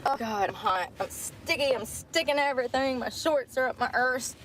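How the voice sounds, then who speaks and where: A woman films a casual vlog from inside her car, chatting to her viewers in a candid, rambling way and swearing freely. Her voice sits a little high. Clear vehicle noise hums behind her. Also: normal speed. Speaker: vlogger.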